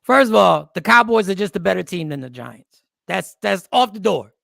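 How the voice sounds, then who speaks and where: A man's voice: high-pitched, very animated, moderate pace, gravelly, fairly bright tone, no room sound, studio quality. A man on a casual sports talk panel, blunt and matter-of-fact.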